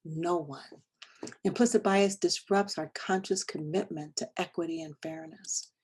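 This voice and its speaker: A middle-aged woman presenting a lesson, telling a personal story in an animated way, acting out dialogue and dropping to whispers. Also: on the low side, measured pace, slight background noise.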